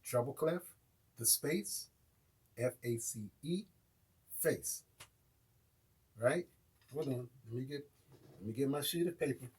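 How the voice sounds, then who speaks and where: A man's voice: mid-range voice, expressive, takes it slowly, pauses often, darkish tone, a little hiss or hum. A man with an American accent teaching a casual live online drum lesson and often checking in with his viewers.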